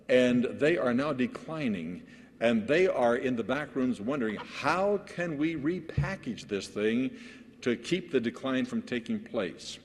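A man who is a pastor, preaching a sermon to other pastors in a lively storytelling way, with frequent restarts. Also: mid-range voice. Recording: long hall reverb.

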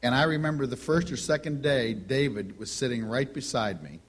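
A middle-aged man preaching a sermon, telling stories with lively delivery and acting out the voices of the people in them. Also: mid-range voice, normal speed. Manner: animated storytelling, acts out quoted voices.

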